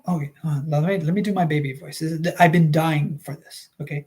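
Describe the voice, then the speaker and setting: Streamer host, casual chat between chapters, rambles and restarts, mid-pitched. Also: steady tone, a little fast, hardly any pauses, darkish tone. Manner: rambling, many fillers and restarts. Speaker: streamer reading a book aloud.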